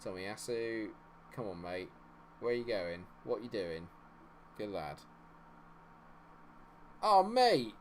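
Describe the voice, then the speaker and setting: A man giving live commentary on a football management game, chatting with viewers and reacting loudly to the match. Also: fairly low pitch, takes it slowly, pauses often, slight background noise. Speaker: streamer.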